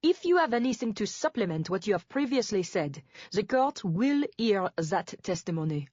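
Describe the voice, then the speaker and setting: A woman's voice: medium pitch, big pitch swings, normal speed, darkish tone, slightly rough, no echo, voice pushed up. A woman voicing a stern male presiding judge who talks in a clipped, formal, impatient way, recorded dull and dry.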